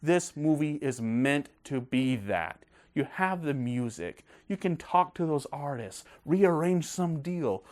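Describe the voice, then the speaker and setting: A man hosting a casual film review video, talking in a gushing, excited way. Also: a little high, slow pace, few pauses.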